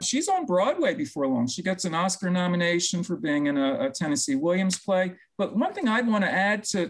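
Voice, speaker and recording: A man with a somewhat high-pitched voice co-hosts a relaxed talk show. He talks in long, winding stretches and often restarts a thought partway through. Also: rough recording. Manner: talkative, long-winded, self-correcting. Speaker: co-host. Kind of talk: casual chat.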